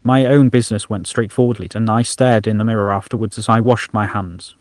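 A man's voice: lowish voice, steady tone, a little fast, a little mellow, no echo. A man narrating a science fiction story as an audiobook, in a dry, wry storytelling manner.

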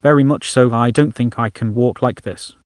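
A man's voice: mid-range voice, normal speed, dry recording, studio quality, natural voice. A man voicing a wounded male alien who talks through coughs and rising panic. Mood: strained. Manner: shouting, coughing.

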